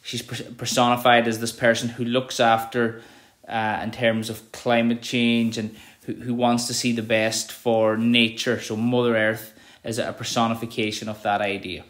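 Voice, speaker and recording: A man teaching a revision lesson to students at home. His voice sits at an ordinary middle pitch, and he explains step by step, checking in with "okay" as he goes. He slows right down whenever he reads an example line aloud. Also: little pitch movement, a bit bright. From Ireland.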